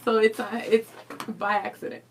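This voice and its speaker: A woman's voice: a little high, level tone, moderate pace, heavy background noise. A woman co-hosting a radio show, answering quiz questions in playful casual chat. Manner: playful, laughs easily.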